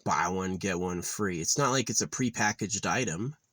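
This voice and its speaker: Low-voiced guy ranting and cursing a lot, rambling casual vlog, dry close sound. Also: moderate pace, no room sound. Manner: profane, rambling, gets loud and heated when ranting. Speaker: vlogger.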